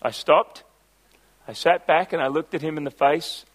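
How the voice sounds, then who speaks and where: A man's voice: on the high side, fairly even intonation, moderate pace. A middle-aged man, preaching a sermon in a storytelling way that builds to emphatic passages. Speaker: pastor.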